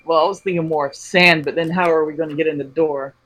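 A man's voice: fairly high pitch, steady tone, fast, fairly bright tone, a little hiss or hum, low-quality recording. A man playing a tabletop game, thinking aloud and asking questions. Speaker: player. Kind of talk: casual chat at a game table.

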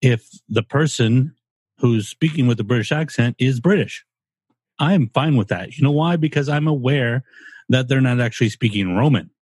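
A man's voice: medium pitch, moderate pace, a little mellow, breathy edge, no room sound. A man co-hosting a podcast, casual and blunt, voicing strong opinions with some swearing. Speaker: podcast co-host. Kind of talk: casual chat.

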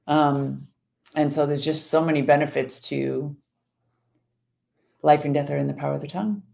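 A woman co-hosting a podcast, chatting casually and explaining her points in a measured way. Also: low voice, steady tone, vocal fry, a little mellow. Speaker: podcast co-host. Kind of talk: casual chat.

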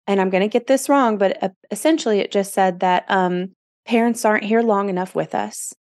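A woman's voice: mid-range voice, fairly quick, a little mellow, dry recording. Earnest woman podcast host, dry sound. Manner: earnest, emotional, reflective. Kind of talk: casual interview chat.

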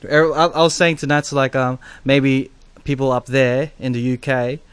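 A man's voice: mid-range voice, flat delivery, normal speed, clear, resonant tone, no echo. A man co-hosting a casual podcast chat, hesitant and full of fillers as he explains things. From Australia. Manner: hesitant, many fillers and restarts. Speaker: podcast co-host.

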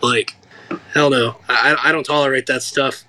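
A young American man telling an animated, profane story as an interview guest, acting out the people he quotes. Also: medium pitch, moderate pace. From United States. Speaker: guest fighter.

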